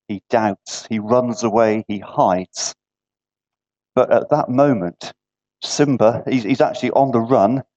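A man's voice: medium pitch, mellow. A man preaching an interactive sermon in a church gathering. He keeps asking the listeners questions and checks in with repeated "yeah". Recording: dull lo-fi recording.

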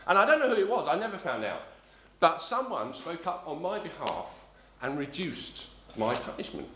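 A man's voice: on the high side, big pitch swings, normal speed, sharp tone, reverberant. A middle-aged man from south-east London preaching a sermon, telling a rambling personal story with many ums and restarts. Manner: rambling, self-correcting storyteller, frequent ums.

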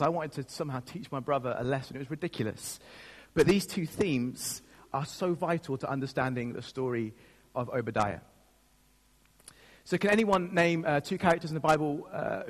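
A man pastor giving a sermon, telling a personal story in a self-mocking way and laughing at himself. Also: fairly high pitch. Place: church. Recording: long reverb of a church hall.

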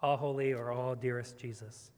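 A man, a pastor, preaching a sermon emphatically. His delivery moves from quiet passages up to loud ones. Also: mid-range voice, flat delivery, normal speed. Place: church sanctuary. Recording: long church reverb.

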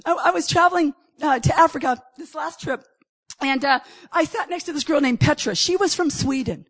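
Middle-aged woman preacher, high voice, animated storyteller who acts out dialogue. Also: a little fast. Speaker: guest speaker, preacher. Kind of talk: sermon with personal stories.

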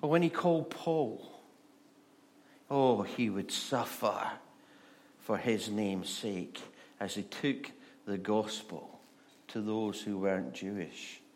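Slow-talking man preaching a casual sermon. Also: on the low side, darkish tone. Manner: conversational, humorous, with stammered restarts. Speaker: pastor.

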